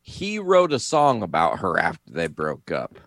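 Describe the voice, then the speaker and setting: A man with a mid-pitched voice in casual chat, swearing freely as he tells a story. He acts out the people in it, jumping high when he plays his panicked younger self. The sound is dry and close. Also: huge pitch swings, unhurried, fairly bright tone, dry recording.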